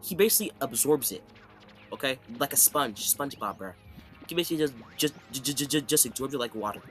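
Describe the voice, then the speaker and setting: A man's voice: mid-range voice, animated, quick pace, soft background music. A man casually recapping an anime fight in a rambling, slangy way, often checking in with "okay?". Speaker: anime commentator.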